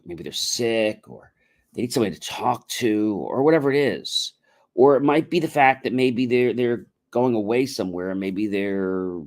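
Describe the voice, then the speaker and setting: A man's voice: medium pitch, darkish tone. Middle-aged guy doing a chatty motivational livestream, plays out little phone calls between friends. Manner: conversational, acts out both sides of imagined phone calls. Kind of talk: casual spoken advice monologue.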